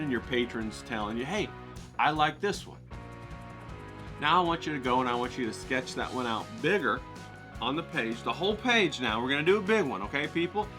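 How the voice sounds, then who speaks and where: Coaching his art students with motivation, a man regularly asks how the listener is doing. He sounds animated, and excitement pushes his voice upward in pitch.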